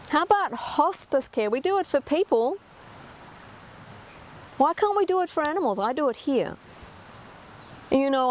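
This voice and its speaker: A woman's voice: high-pitched, a little mellow, a little hiss or hum. A middle-aged woman giving an earnest talk as an animal communicator, emphatic and full of rhetorical questions.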